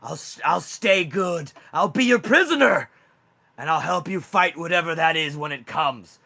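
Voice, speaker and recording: A man's voice: animated, normal speed, creaky, sharp tone, exaggerated voice. A man voicing a cornered male Wendigo monster who begs frantically for his life. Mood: pleading. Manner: high, frantic begging.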